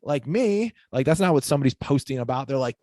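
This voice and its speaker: A fitness coach from Illinois chats with eager, rambling energy on a podcast, sprinkling "like" everywhere and laughing easily. His voice sits at an ordinary pitch for a man. The sound is dry and close, with no room around it. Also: very fast, no echo. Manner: energetic, enthusiastic, heavy use of "like", laughs often. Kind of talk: casual podcast conversation.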